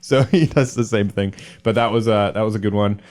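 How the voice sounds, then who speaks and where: Relaxed male co-host. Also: on the low side, a little fast. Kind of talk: casual political chat.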